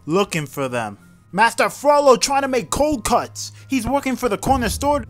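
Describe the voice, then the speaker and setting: A man doing comedic play-by-play commentary over a film, joking and slangy. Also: high voice. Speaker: comedic sports-style commentator.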